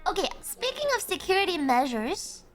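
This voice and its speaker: A woman's voice: very high voice, big pitch swings, normal speed, faint music behind. A woman with an Irish accent, hosting a casual live stream as a playful tour guide, laughing often and swearing casually as she banters with chat.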